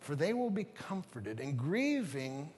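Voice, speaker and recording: A man's voice: fairly high pitch, sing-song, a little slow, darkish tone, a little hiss or hum. A middle-aged man preaching a sermon as a pastor, telling stories conversationally and with humor, in a church sanctuary. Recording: reverberant church hall with faint ambience.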